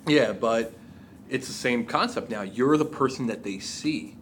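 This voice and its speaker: A man in casual chat, telling stories in an animated way and swearing freely. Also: mid-range voice, unhurried, slight background noise.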